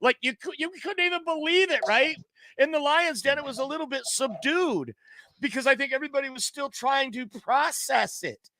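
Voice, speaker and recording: An animated man co-hosting a sports talk stream, reading viewer comments aloud and reacting to them. His voice sits high and sounds bright and sharp, with a dry, close recording. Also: moderate pace, no echo. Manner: animated, laughing often. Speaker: sports show co-host.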